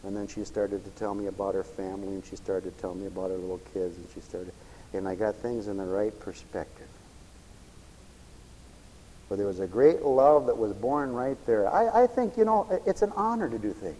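A man preaching a sermon, telling stories and acting out the lines of the people in them, dropping to a hush and then building to fervent cries. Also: lowish voice, lively intonation, moderate pace. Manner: storytelling with acted-out quoted dialogue, swinging from hushed to fervent cries. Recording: long echoey hall reverb.

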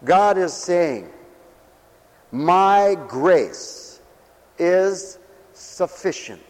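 A man preaching a sermon at a mission, folksy and direct, asking his listeners questions, his voice swinging between loud preaching and soft, close talk. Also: high voice, big pitch swings, drawn-out words, big-room sound. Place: mission hall.

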